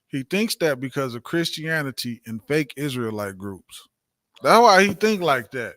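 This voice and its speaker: Here a man with a fairly high pitch and fairly bright tone preaches emphatically to a religious class. He keeps circling back to his points and asking rhetorical questions, class talk delivered as preaching.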